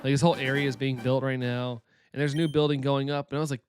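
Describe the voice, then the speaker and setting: A man with a light Southern US accent, casually chatting with his stream's viewers, upbeat and quick to laugh. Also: medium pitch, little pitch movement, slight background noise. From Southern United States. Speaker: live-stream host. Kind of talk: casual live-stream chat, reading chat.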